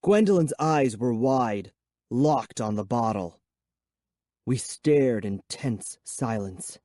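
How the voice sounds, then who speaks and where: A man narrating a children's horror audiobook in first person with a measured, suspenseful reading. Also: medium pitch, dark tone, no room sound.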